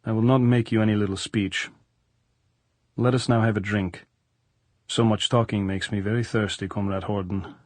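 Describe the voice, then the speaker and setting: Guy voicing a blunt joking general, talks in stiff broken english, lowish, dry studio read. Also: fairly even intonation, moderate pace, darkish tone, no echo, close to an everyday voice. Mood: dryly teasing. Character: blunt teasing middle-aged male general.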